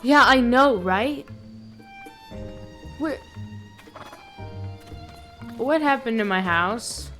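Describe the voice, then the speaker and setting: A young woman streaming a video game, swinging between loud excitement and low muttering as she talks. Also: drawn-out words, pauses often, faint music behind. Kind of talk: casual gameplay commentary.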